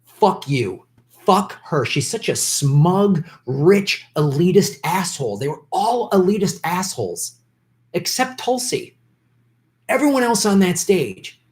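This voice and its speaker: A man's voice: sits high, sing-song, takes it slowly. A man hosting a political livestream, ranting angrily and profanely at politicians in an unscripted commentary. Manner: profane, shouting, bitter ranting.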